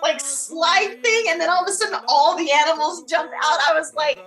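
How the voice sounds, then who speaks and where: A woman's voice: very high voice, moderate pace, fairly bright tone, rough recording. A woman chatting eagerly on a movie review podcast with friends. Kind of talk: casual chat.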